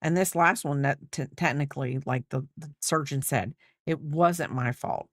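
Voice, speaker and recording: Low-voiced chatty woman in her fifties. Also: moderate pace, no room sound. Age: 50s. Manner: rambling and chatty, thinking aloud with many fillers. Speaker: crochet livestreamer. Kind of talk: casual chat while crocheting on stream.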